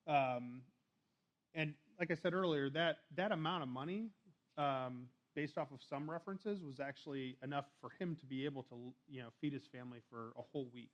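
A man's voice: mid-range voice, normal speed, muffled recording. A man preaching a sermon in a church, talking casually and reading scripture aloud. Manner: conversational, restarts and fillers, reads scripture aloud.

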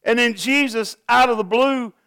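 High-voiced earnest man preaching. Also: moderate pace, pushed and bright, smooth, no echo. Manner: earnest, asks the congregation direct questions. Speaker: pastor. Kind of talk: sermon.

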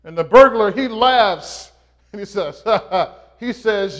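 Slow, high-voiced male preacher. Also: animated, fairly bright tone. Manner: slow, halting delivery with frequent "uh". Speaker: pastor. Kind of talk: sermon with an opening joke.

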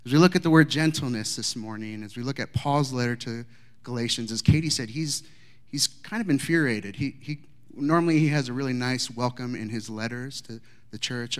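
A middle-aged man giving a sermon, telling a story and moving between quiet asides and raised, emphatic lines. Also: medium pitch. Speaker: pastor.

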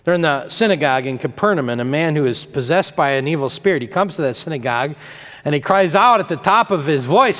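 A male pastor preaches with an animated, emphatic delivery, building on repeated phrases. His voice sits a bit high. A long reverb trails every line. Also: quick pace. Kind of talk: sermon.

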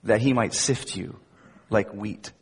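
A male pastor preaching a sermon, emphatic, swinging between loud emphasis and soft, quiet asides. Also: fairly low pitch, takes it slowly. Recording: husky voice with long hall reverb.

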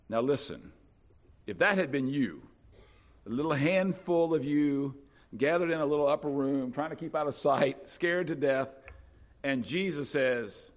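Animated preacher man. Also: medium pitch, moderate pace. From North Carolina, US. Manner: dramatic preaching with big swings in loudness. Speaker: pastor. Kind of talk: sermon.

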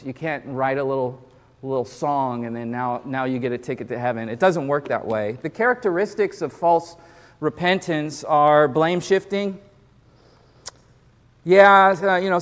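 A man's voice: a little high, big-room sound. A male pastor preaching a sermon in a casual, conversational way, often repeating words as he builds his points.

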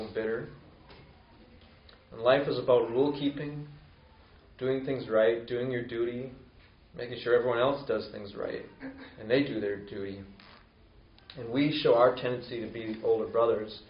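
A man's voice: steady tone, normal speed. Man preaching in an echoey room. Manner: conversational, acts out quoted voices with rising pitch. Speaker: pastor. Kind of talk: sermon. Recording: roomy, distant, dull lo-fi sound.

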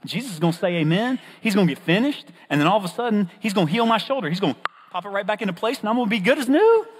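Preacher putting on a whiny fisherman guy, high and all over the place, husky, big echoey hall. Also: very animated, a little fast, fairly bright tone, a little hiss or hum. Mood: incredulous, excuse-making. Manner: incredulous, pitch jumping high, comic pleading. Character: fisherman Simon, animated young man, reluctant and excuse-making.

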